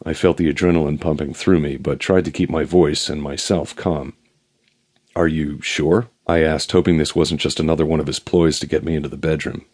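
A male audiobook narrator with a very deep voice reads a first-person novel. His delivery is dry, wry and even, with a husky, slightly breathy texture. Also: brisk, few pauses.

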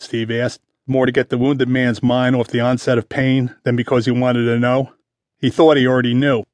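A man with a medium-pitched voice reads a detective novel aloud in measured, even scripted narration. The recording is dry and close, with no room sound. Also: dry recording. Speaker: audiobook narrator.

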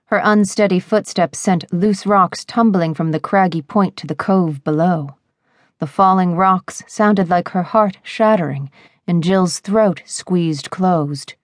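Woman, audiobook narrator, low voice, dry close mic, measured expressive romance reading. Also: dry recording.

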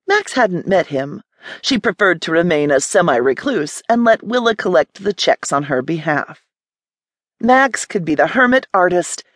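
A woman narrates an audiobook with expressive, lively storytelling. Her voice sits a little low and moves widely in pitch. It is recorded dry and close in a studio booth. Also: no room sound. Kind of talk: scripted narration.

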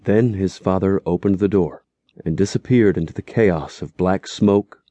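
A man narrating an audiobook in a steady, measured storytelling voice. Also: deep voice, dry recording.

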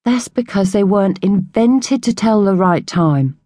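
A woman's voice: mid-range voice, lively intonation, unhurried, dark tone, no echo, clean studio sound, natural voice. A woman doing an earnest young orphan boy. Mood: confiding. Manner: earnest, confiding.

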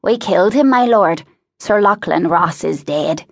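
A woman voicing a rough hired thug who speaks slowly and defensively. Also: low voice, lively intonation. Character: rough hired thug, defiant working man.

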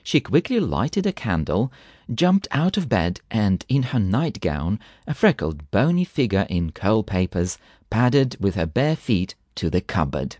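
A man reading a classic short story aloud as audiobook narrator, expressive and unhurried. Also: lowish voice, no echo, studio quality. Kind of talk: scripted narration.

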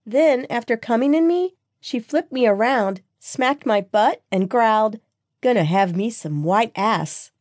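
Female narrator doing a high, giggly best friend, gushing with excitement, dry studio sound. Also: measured pace, no room sound. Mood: gossipy. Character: bubbly excited young woman best friend.

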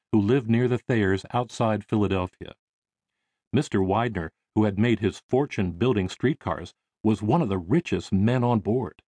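Expressive male audiobook narrator. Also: on the low side, dry recording. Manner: expressive storytelling.

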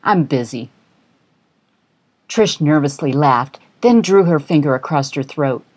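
A woman narrating a humorous short story for an audiobook in an even storytelling manner. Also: sits low, moderate pace. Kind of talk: scripted narration.

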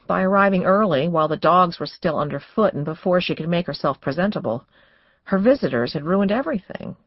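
A woman's voice: deep voice, no room sound, highs cut off. Woman narrating a suspense audiobook. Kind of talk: scripted narration.

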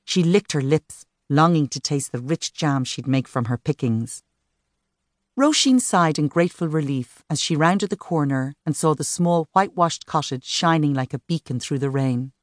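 A woman narrates a novel in a low, measured voice. The reading is even and unhurried. It is recorded close on a studio mic with a very dry sound. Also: no room sound. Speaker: audiobook narrator. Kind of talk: scripted narration.

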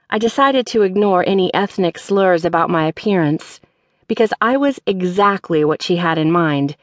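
A woman narrating a mystery audiobook in the first person, in a wry, measured voice. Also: on the low side, no echo, studio quality. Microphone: studio microphone.

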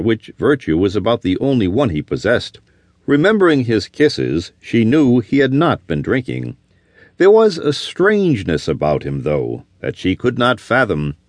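A man's voice: fairly low pitch, dry recording. A man reading a western novel aloud as an audiobook narrator, telling the story expressively. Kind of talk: scripted narration.

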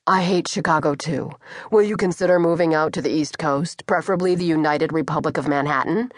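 A woman's voice: sits low, brisk, no room sound. Woman voicing adult brother, teasing, theatrical, audiobook character, dry recording. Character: adult man, joking dramatic twin brother. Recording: dry studio.

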